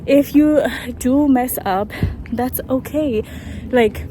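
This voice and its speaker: A woman's voice: sits high, slow, warm tone, a little hiss or hum, rough recording. A young woman vlogging on a walk in a park after a run, out of breath, chatting to her viewers in a rambling way. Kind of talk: casual vlog chat to camera.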